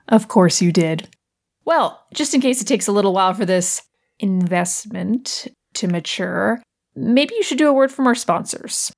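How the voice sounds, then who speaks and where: A woman's voice: medium pitch, animated, a little slow, creaky. A woman playing an exasperated, sarcastic young roommate in a comedy audio play. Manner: dry and sarcastic.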